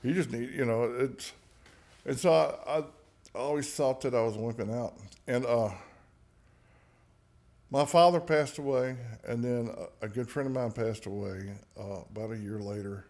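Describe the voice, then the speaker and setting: A man's voice: medium pitch, unhurried, a little mellow. A man speaks as a podcast guest, telling personal stories in a candid, conversational way. He is blunt and profane, slips jokes in, and often restarts his sentences as he goes. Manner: frank, profane, joking, many restarts.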